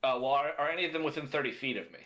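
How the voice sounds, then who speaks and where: A man's voice: on the high side, rapid-fire, pushed and bright. A man playing a tabletop game, stammering and sounding confused about the map. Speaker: player. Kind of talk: casual chat at a tabletop game.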